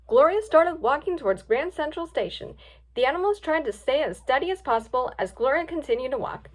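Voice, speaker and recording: High, lively woman reading a story. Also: brisk. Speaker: story reader. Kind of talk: storybook read-aloud.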